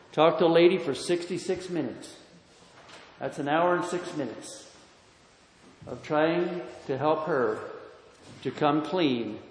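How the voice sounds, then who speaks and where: A man preaching a sermon, emphatic, swinging between loud declarations and hushed storytelling. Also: on the high side, a little hiss or hum. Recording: echoey hall, somewhat distant.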